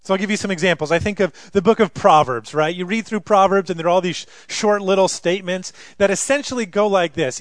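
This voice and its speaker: Male pastor, high voice, dry close sound, animated sermon delivery with dramatized quotes. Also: fast, hardly any pauses, no room sound. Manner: animated, dramatizes scripture voices, rising loudly for emphasis.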